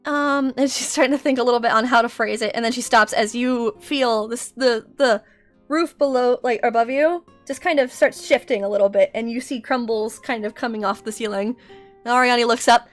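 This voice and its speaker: A woman's voice: fairly high pitch, a little fast, faint music behind. A woman running a tabletop game as game master, narrating with frequent laughs and fillers. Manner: giggly, filler-heavy narration.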